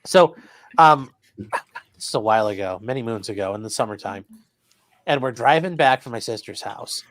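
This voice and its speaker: A man hosting a casual group video call, telling a rambling, animated story with many restarts. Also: medium pitch, moderate pace. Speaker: host.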